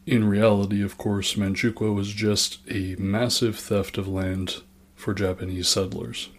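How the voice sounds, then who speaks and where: A man's voice: lowish voice, flat delivery, a little slow. A man narrating history from a script, with dry, sarcastic asides.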